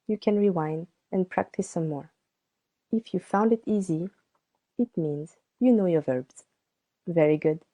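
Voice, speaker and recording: A woman teaching a beginner French lesson, slowly spelling out and repeating each word for practice. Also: medium pitch, dark tone. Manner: slow and deliberate, repeats words for practice. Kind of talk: slow scripted language lesson.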